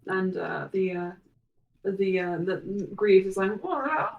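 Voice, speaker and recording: A woman's voice: medium pitch, slow pace, creaky, phone-quality sound. Woman game master on a distant, roomy mic. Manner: relaxed, filler-heavy narration. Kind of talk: narrating a tabletop game.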